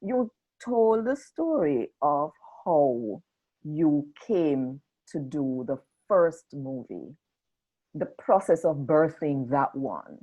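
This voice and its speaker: Slow, lively-pitched woman host. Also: dull audio. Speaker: interview host. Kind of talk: interview questions.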